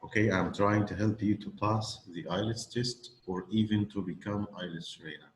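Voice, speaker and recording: A man's voice: fairly low pitch, steady tone, moderate pace, slight background noise, rough recording. A man teaching English pronunciation, patiently modelling phrases for a student. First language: Arabic. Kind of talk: classroom lesson with a student.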